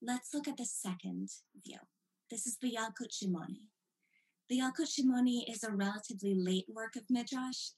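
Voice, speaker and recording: A woman's voice: medium pitch, a little mellow, low-quality recording. A woman giving a lecture as a teacher, reading passages aloud and stressing key words with dramatic emphasis. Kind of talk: recorded lecture.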